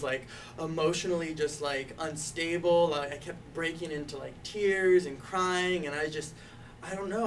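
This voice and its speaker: Young man, fairly high voice, casual personal story, slightly distant mic with faint background noise. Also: fairly bright tone. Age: young adult. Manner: casual, full of "like" and "you know", laughs often. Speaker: youth activist intern.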